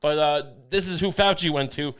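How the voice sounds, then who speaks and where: A man's voice: on the high side, moderate pace, fairly bright tone, clear, resonant tone. Profane, rambling male podcast co-host. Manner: rambling, profane, riffing with absurd jokes. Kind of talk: casual comedic podcast banter.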